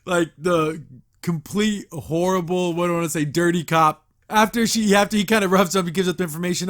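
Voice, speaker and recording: A man's voice: sits high, fairly even intonation, brisk. A man hosting a podcast, casually reviewing a cartoon episode, retelling scenes, quoting characters and laughing often. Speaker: podcast host.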